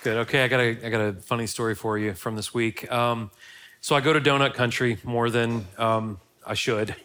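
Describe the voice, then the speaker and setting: Middle-aged pastor, mid voice, chatty and self-deprecating, easing into a sermon. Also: male voice, mid-range voice, fairly even intonation, normal speed, sharp tone, some chatter behind. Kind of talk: sermon with a casual opening story.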